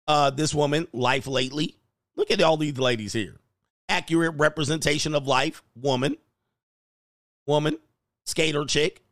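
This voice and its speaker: A man's voice: fairly high pitch, fairly bright tone, no room sound, clean studio sound. A man hosting a reaction commentary show, talking in a crude, joking, mocking way.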